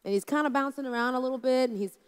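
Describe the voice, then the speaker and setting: A woman's voice: high-pitched, very fast, clear, resonant tone. A woman speaking to an audience about leading a team, in a conversational storytelling manner that acts out quoted voices. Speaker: conference speaker. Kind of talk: leadership talk to a live audience. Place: large hall with an audience. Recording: long hall reverb.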